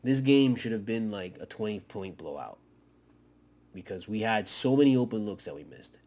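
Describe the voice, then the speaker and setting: A man hosting a fan podcast, ranting with heavy swearing and swinging from loud outbursts to low mutters. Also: normal speed. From Miami area. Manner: profane, excitable, swings between shouting and muttering. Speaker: podcast host. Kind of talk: fan commentary rant.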